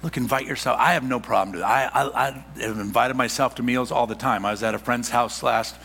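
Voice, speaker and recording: Man, middle-aged, pastor, sermon, animated, stammering repeats, forceful bright tone, reverberant hall. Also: mid-range voice, a little fast, creaky, husky.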